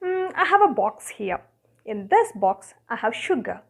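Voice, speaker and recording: In this classroom grammar lesson, an Indian English-accented woman poses questions, answers them herself, and counts objects out loud. Her voice is slightly high and creaky, with big pitch swings and an unhurried delivery.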